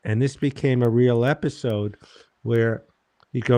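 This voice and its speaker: A male comedian telling anecdotes in a deadpan, exasperated casual chat. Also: mid-range voice, moderate pace, no room sound. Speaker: comedian, show host.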